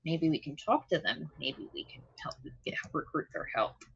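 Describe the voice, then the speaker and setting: A woman playing a tabletop game over a call, talking casually and pausing often to search for words. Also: deep voice, big pitch swings, gravelly, a bit bright, breathy edge, muffled recording. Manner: hesitant, searching for words with many ums. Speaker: player.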